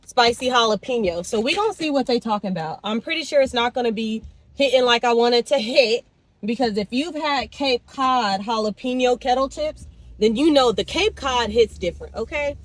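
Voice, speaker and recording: A woman's voice: fairly high pitch, normal speed, poor audio. A young woman vlogging casually from her car and a convenience store, talking expressively, ranting and swearing. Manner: expressive, animated, swears and rants. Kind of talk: casual vlog chat.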